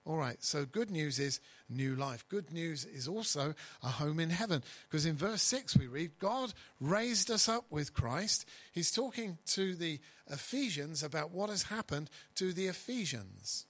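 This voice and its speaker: Husky pastor, a little high-pitched, preaching with emphatic stresses and soft asides. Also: male voice, big pitch swings, normal speed, hardly any pauses, low-quality recording. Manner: emphatic, swinging between loud stresses and quiet asides. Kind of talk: sermon.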